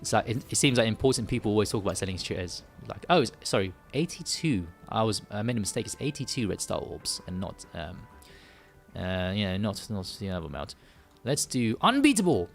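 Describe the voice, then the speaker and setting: A man's voice: lowish voice, very animated, brisk, gravelly, faint music behind. A man from the UK hosting a live game stream, rambling and joking with many restarts and fillers. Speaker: gaming livestream host. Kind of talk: casual live stream chat.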